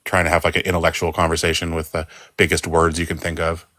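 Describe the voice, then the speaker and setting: A man's voice: deep voice, completely flat delivery, fast, sharp tone, no echo, studio quality. A man in an online debate, speaking bluntly and dismissively.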